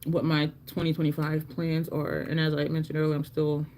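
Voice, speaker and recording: Chatty low-voiced woman with a lilt. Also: completely flat delivery, moderate pace, a little mellow, a little hiss or hum. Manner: rambling, chatty, laughs often at her own stories. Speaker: livestream beauty host. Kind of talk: casual livestream chat while doing makeup.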